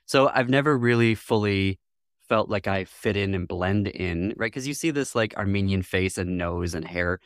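A man's voice: low voice, normal speed, no echo, studio quality. A man from Michigan as a guest in an interview, speaking thoughtfully, laughing often and acting out what others said. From Northwest Lower Michigan, US. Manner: thoughtful, laughs often, acts out quoted voices. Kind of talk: reflective interview conversation.

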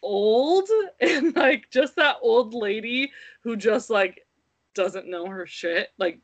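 A woman's voice: on the high side, slow pace. Chatty millennial woman telling a story. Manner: animated storytelling with playful quoted voices. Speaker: podcast co-host. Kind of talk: casual chat.

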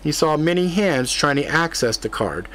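A man narrating a fantasy audiobook in a steady, even reading voice. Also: on the high side, normal speed.

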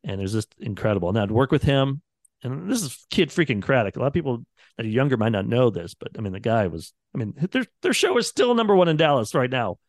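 A man's voice: medium pitch, very animated, fast, no echo, studio quality. A man, a radio producer chatting casually on a podcast and acting out quotes from the people in his stories. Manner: rambling storyteller, acts out quotes.

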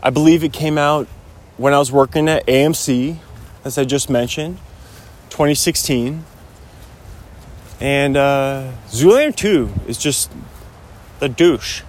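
A man's voice: mid-range voice, a little slow, pauses often. A man rambling casually in a solo podcast while walking outdoors, with a lot of "like"s. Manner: rambling, chatty, many "like"s. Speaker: podcast host.

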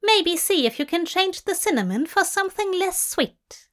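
A woman's voice: very high-pitched, animated, normal speed, voice pushed up. A woman voicing a flamboyant, doting bar-owner woman who teases and calls everyone love, in a storybook reading. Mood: teasing. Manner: breezy, teasing, calls people love.

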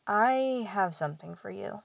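A woman voicing a curious young man, calm and gently amused, in a storybook reading. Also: mid-range voice, a little slow, creaky, no room sound, lo-fi sound. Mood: secretive.

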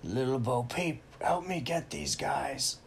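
A man's voice: medium pitch, slow pace, vocal fry, slight background noise, pitched above the performer's own voice. A man voicing a scheming male villain in a smug, drawling tone.

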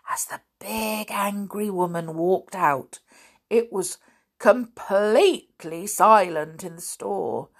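A woman reading a story aloud, narrating with expressive, dramatic delivery. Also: on the low side, slightly rough.

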